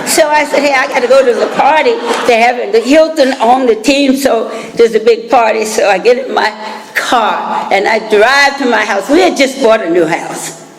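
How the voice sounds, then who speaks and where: A woman's voice: on the high side, normal speed. An older American woman telling her personal recovery story at a meeting, chatty and laughing through asides. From United States. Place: meeting hall. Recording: reverberant hall.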